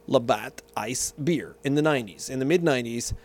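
A man's voice: medium pitch, moderate pace. A man vlogging casually, telling a rambling story and tasting a beer, often correcting himself and going off on tangents.

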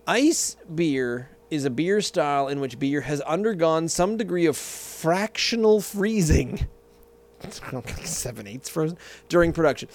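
A man's voice: on the high side, animated, unhurried. A man vlogging casually, telling a rambling story and tasting a beer, often correcting himself and going off on tangents.

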